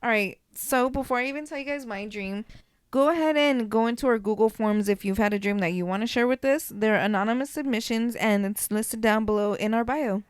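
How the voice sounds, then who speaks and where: A young woman co-hosting a casual podcast, telling stories in a chatty, animated way with plenty of swearing. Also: a little high, brisk, clean tone, no room sound, clean studio sound. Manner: chatty, profane, animated storytelling. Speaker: podcast co-host.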